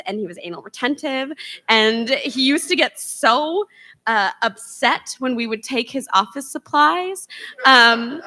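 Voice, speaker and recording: A young woman speaks at a memorial on a theater stage. Her voice is bright and forward. She keeps it chatty, with plenty of ums along the way. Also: a little high. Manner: chatty, with frequent ums and laughs. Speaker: former box office associate giving a memorial tribute. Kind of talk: speech at a memorial event.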